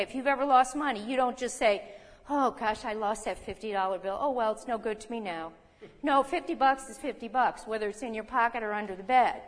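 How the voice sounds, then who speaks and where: A woman preaching a sermon in a conversational way, slowing down for emphasis and checking in with her audience. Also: on the high side, long reverb tail, poor audio.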